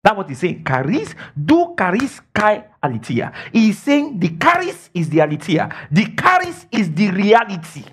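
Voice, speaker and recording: A man's voice: huge pitch swings, normal speed, few pauses, breathy edge. A man preaching a sermon and teaching the Bible, asking the congregation questions and filling his talk with "praise God" and "all right". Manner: emphatic, swoops between high and low.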